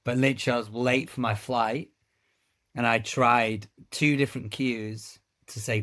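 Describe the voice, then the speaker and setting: A man's voice: medium pitch, steady tone, normal speed, fairly bright tone. A man co-hosting a podcast, complaining emphatically in casual chat. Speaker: podcast co-host.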